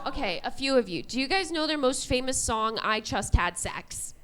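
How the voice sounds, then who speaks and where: A woman in her twenties doing a stand-up comedy set on a club stage, deadpan delivery and laughing at her own jokes. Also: high-pitched, normal speed, a faint crowd, slight background noise. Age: 20s.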